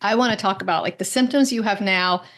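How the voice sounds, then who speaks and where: A woman with a mid-range voice speaks as an interview guest. She tells stories with energy, slips into other people's voices when quoting them, and keeps tossing in quick tag questions. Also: medium pitch. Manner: animated storyteller, acts out quoted voices; frequent "right?" tag questions. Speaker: guest, medical intuitive. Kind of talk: conversational interview.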